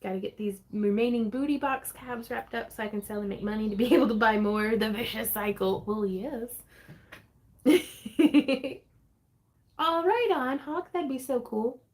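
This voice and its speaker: A woman's voice: a little high, measured pace, a little mellow. A woman hosting a casual crafting livestream from her home craft space, chatting in a bubbly, giggly way and reading viewer comments aloud.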